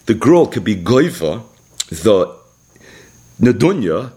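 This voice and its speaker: A man's voice: on the low side, very animated, slow, mellow. A man teaching a Talmud class in an explanatory way, mixing English with Hebrew and Aramaic terms. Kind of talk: daily Talmud page class.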